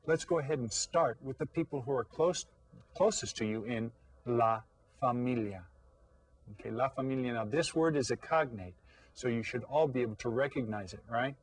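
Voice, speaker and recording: A man teaching a recorded lesson for young children, patient and full of questions, saying each Spanish word slowly. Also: medium pitch, husky, rough recording.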